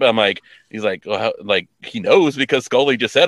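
A man's voice: medium pitch, very animated, moderate pace, a bit bright, no echo. A man co-hosting a podcast, casually recapping a TV episode in a rambling way, full of fillers and quoted lines. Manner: rambling, many "like" fillers, quotes characters in offhand voices. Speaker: podcast co-host.

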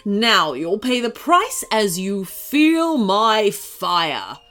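A woman voicing a cruel, monstrous fire-breathing owl queen who roars and sneers in drawn-out words in a storybook reading. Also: medium pitch, sing-song, fairly bright tone, soft background music, full character voice. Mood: gloating villain.

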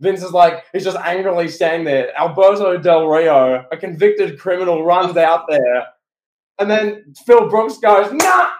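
Excitable man in an echoey room. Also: high voice, measured pace. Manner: animated, excitable storytelling with restarts. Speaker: podcast co-host. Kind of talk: casual podcast chat.

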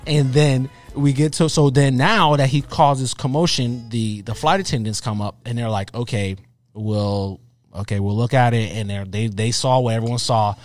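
A man in his thirties, co-hosting a podcast, telling a story in a casual, animated way and acting out what people said. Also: mid-range voice, moderate pace, hardly any pauses, faint music behind. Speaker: podcast co-host.

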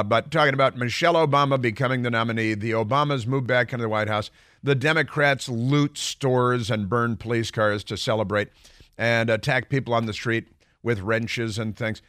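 A man's voice: mid-range voice, a bit bright, no echo, studio quality. Sarcastic male talk radio host. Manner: sarcastic, rambling, mocking asides. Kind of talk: political talk radio monologue.

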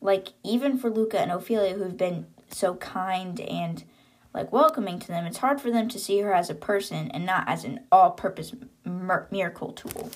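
A woman's voice: lowish voice, moderate pace. Chatty woman recapping a book. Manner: chatty, laughing, sarcastic asides. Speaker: podcast host.

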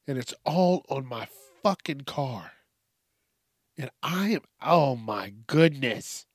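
Late at night, a weary man hosts a casual solo podcast in a somewhat high voice, recorded dry with studio quality. He rambles, swears, and keeps trailing off and starting over.

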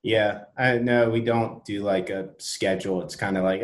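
A man's voice: on the low side, steady tone, normal speed, rough recording. A man, a new father and podcast guest, telling laid-back stories and acting out his own thoughts in casual chat.

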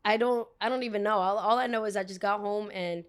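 A woman hosting a podcast, telling a story in a rambling, expressive way and swearing casually. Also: medium pitch, quick pace. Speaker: podcast host.

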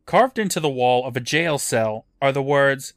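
A man in the middle range of pitch recaps a television episode for a podcast, laying out the plot in a dry, matter-of-fact way. His voice is recorded close and dry, with no room sound around it. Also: lively intonation, moderate pace, no echo. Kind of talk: casual recap narration.

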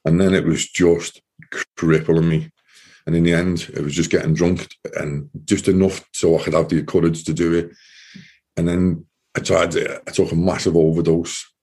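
Deep, low-voiced man, halting. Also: little pitch movement, warm tone, slightly rough. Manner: halting, repeating words, voice heavy with distress. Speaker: interview guest, former soldier. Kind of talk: emotional personal testimony.

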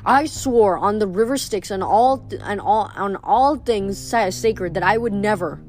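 Lady doing a tired old centaur guy, grave and low, storybook reading. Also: darkish tone, soft background music, lightly acted. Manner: grave, sorrowful, slow. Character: old wise male centaur teacher, weary.

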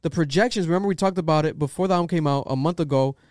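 A man hosting a casual podcast, riffing with loose, profane energy. His voice sits a touch high and comes through smooth. The sound is dry and close. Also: rapid-fire, no room sound. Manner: loose, profane, animated opinion talk. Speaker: podcast host.

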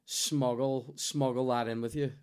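A man's voice: medium pitch, fairly even intonation, a little slow, a little mellow, smooth. A man with a Northern Irish accent, hosting a podcast and telling stories in casual, swearing chat. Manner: swearing, storytelling, laughs often. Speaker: podcast host.

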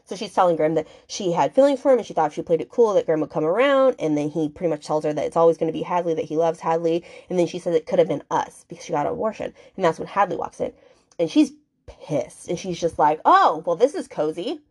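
A woman's voice: on the low side, fast talker, mellow. A woman hosting a book podcast, recapping the story in a casual, chatty way, full of fillers, swearing and indignant asides.

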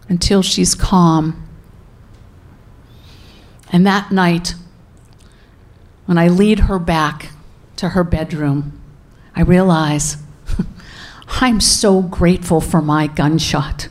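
Middle-aged woman telling her own story, slow and deliberate, repeats words for emphasis. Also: fairly low pitch, steady tone, a little mellow. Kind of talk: personal storytelling to an audience.

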